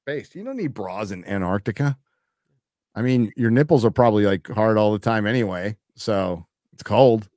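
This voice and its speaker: A man's voice: lowish voice, a little mellow, no echo, clean studio sound. A man hosting a live stream, chatting casually and reading donations in a crude, joking, rambling way. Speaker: show host reading donations.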